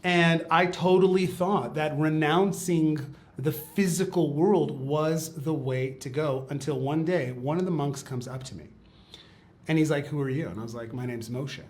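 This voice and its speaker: A man, a rabbi telling a personal story in a chatty, animated way. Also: fairly high pitch, normal speed. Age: 40s. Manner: chatty, quotes others in acted asides, lots of "like" and "okay". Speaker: rabbi and teacher. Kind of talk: storytelling talk on a live-stream.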